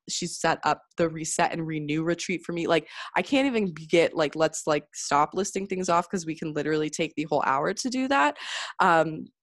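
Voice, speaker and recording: A woman hosting a podcast, chatting excitedly and gushing about her guest with lots of fillers. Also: low voice, dry recording, studio quality. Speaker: podcast host. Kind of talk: casual podcast chat.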